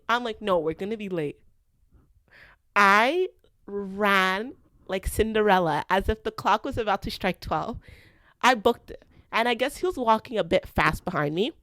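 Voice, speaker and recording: A young woman from Canada hosting a podcast, telling a school story in a chatty, animated way and acting out the quotes. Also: mid-range voice, dry recording. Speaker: podcast host. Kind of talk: casual storytelling.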